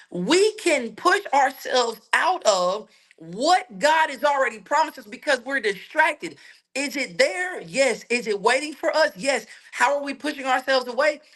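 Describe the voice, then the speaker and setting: A man preaching a sermon in a colloquial, energetic way, asking rhetorical questions and repeating his points. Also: very high voice. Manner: colloquial, laughs between points.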